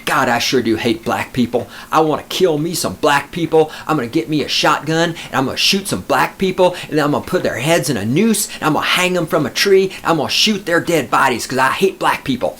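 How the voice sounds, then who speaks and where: A man's voice: fairly high pitch, animated, fairly quick, hardly any pauses, fairly bright tone, slight background noise. A man voicing a mocking caricature of a bigoted Southern man with a Southern US accent and an exaggerated drawl. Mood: hateful.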